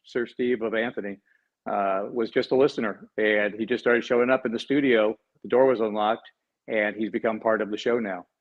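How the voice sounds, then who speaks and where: A man hosting a sports radio show, trading quick, joking banter with his co-hosts. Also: lowish voice, steady tone, lo-fi sound. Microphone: studio microphone.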